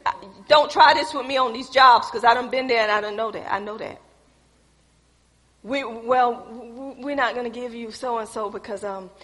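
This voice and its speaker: A woman preaching a sermon, moving from soft storytelling to loud emphatic exhortation. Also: on the high side, steady tone, normal speed, in a large hall. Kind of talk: sermon with personal testimony.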